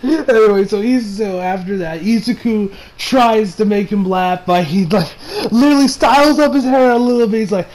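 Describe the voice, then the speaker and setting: A man's voice: high voice, brisk, hardly any pauses, darkish tone, low-quality recording. A young man casually reviewing an anime episode, rambling, swearing and often breaking into laughter.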